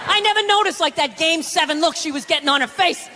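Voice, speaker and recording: Male stand-up comic, high-pitched rants, profane, shouting bursts; echoing hall, loud crowd. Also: quick pace, noisy background. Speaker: stand-up comedian. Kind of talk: stand-up comedy. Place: large comedy venue on stage. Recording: live hall with loud audience. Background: audience laughter.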